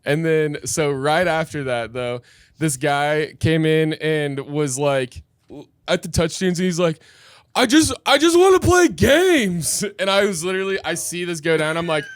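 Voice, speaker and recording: A man chatting casually on a podcast recorded inside a bar, swapping bartending stories and laughing a lot as he acts out customers' lines. His voice sits a little high and comes through smooth and clear, with a dry close sound and no room echo. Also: fairly even intonation, moderate pace. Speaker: podcast co-host.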